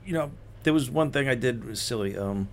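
A man's voice: mid-range voice, animated, brisk, a little hiss or hum. A man and former police officer in casual conversation, hesitant with lots of fillers.

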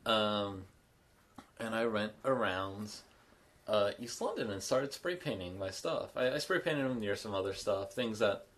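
A man's voice: on the low side, a little slow, fairly bright tone. A man co-hosting a comedy podcast, telling a casual story in a meandering, self-correcting way. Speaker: podcast co-host.

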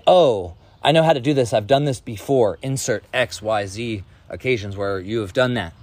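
A man's voice: fairly low pitch, no echo. Blunt, profane man ranting on a podcast. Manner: profane, blunt, fired-up preaching. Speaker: podcast host. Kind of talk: casual motivational rant.

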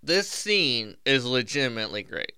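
A young man with a bright, ringing voice and a very clean, crisp tone, recorded dry and close in a studio. He chats casually about a film, leaning on "like" and "um" as he talks. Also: medium pitch, very animated, normal speed, no echo. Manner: chatty, lots of fillers and "like". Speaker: podcast co-host. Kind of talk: casual movie discussion. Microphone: studio microphone.

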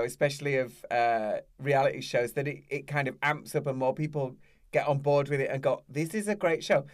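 A man hosting a casual interview, chatty and teasing, often filling pauses with "um". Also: mid-range voice. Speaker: interviewer host.

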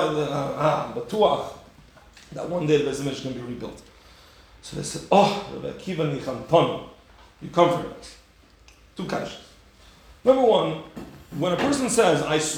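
A man giving a Torah class, animated and rhetorical, acting out the story with sudden high bursts. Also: vocal fry. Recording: very echoey room.

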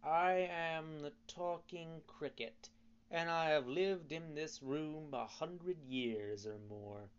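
A man voicing a hundred-year-old talking cricket in a storybook reading, lecturing calmly and solemnly. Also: on the high side, slow, clean tone, highs cut off. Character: ancient talking cricket, calm and preachy.

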